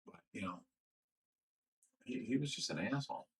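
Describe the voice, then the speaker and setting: Brash husky-voiced man hosting a livestream. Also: lowish voice, sing-song, moderate pace, low-quality recording. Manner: brash, boastful trash talk. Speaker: livestream host reading viewer comments. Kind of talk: casual livestream chat.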